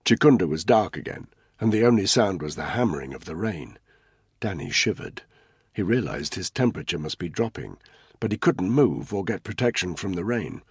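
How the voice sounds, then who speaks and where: A man giving measured, tense scripted narration of a military thriller audiobook. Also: low-pitched, animated, breathy edge, no echo, studio quality.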